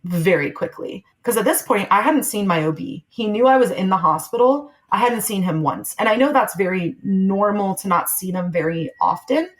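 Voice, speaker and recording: A woman's voice: mid-range voice, low-quality recording. A young adult woman talking candidly and reflectively, recounting her own experience as a podcast guest and acting out what people said. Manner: candid, reflective, acts out quoted voices with laughs. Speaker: guest sharing her birth story. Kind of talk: conversational storytelling.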